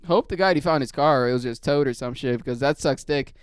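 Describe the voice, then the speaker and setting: A man rambling through a story full of swearing, in a low-key, casual way. His voice is very clear and smooth, with a mid-range pitch. The sound is dry and close. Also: quick pace, no echo. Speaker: podcast host.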